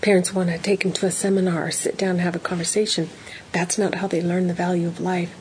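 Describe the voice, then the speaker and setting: On a rough recording with a little hiss or hum, a woman with a lowish, quick voice and little pitch movement shares parenting advice. A counselor appearing as a guest, she is warm, earnest and emphatic, playing out example dialogues.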